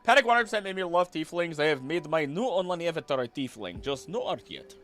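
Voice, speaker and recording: A young man chatting casually on a stream, rambling and excitable, jumping between topics and often restarting his sentences. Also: on the high side, brisk, faint music behind. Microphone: desk mic.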